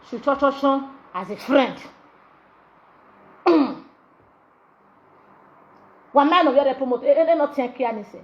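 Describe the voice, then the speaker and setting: A woman's voice: on the high side, highs cut off. A woman with a Nigerian Pidgin accent hosting a gossip show, talking in a brash, mocking way and switching languages. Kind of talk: animated gossip commentary.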